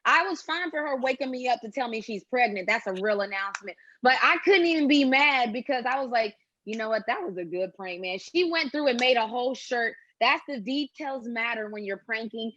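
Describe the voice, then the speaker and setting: A woman hosting a casual podcast, telling a family story in an animated way and acting out what people said. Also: a little high, a little fast, few pauses, highs cut off, slight background noise. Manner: animated storytelling, acts out quotes. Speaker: podcast host. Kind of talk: casual chat.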